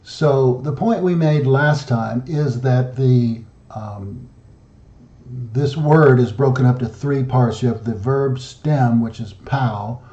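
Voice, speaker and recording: Guy giving a slow careful lesson over slides, reads out word forms, kinda muffled lo-fi sound, echoey room. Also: mid-range voice, mellow. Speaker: founder and study group leader. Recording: dull lo-fi audio in an echoey room.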